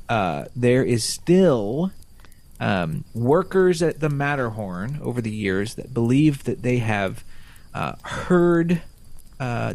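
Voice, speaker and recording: Playful gravelly male podcast host. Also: mid-range voice, darkish tone. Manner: playful, jokey, slips into silly voices. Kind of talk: casual podcast chat.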